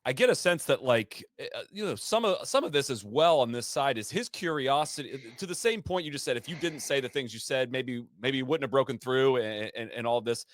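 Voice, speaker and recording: A man's voice: mid-range voice, lively intonation, no echo. A man hosting a podcast, asking long, meandering questions with many restarts. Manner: halting, rambling questions with restarts. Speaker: podcast host. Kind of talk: casual podcast interview.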